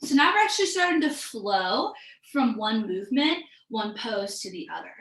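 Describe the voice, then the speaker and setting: A woman's voice: a little high, big pitch swings, normal speed, a bit bright, roomy sound, poor audio. A woman teaching a live online yoga class, calling out breaths and poses in an upbeat, encouraging way, a bit out of breath. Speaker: yoga instructor.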